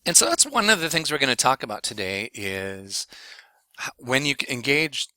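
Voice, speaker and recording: A man's voice: medium pitch, moderate pace, no room sound. A man teaching a university education class, explaining reading instruction after singing a children's song. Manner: sings children's song, then explains calmly. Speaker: education lecturer. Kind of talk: university lecture with sung demonstration.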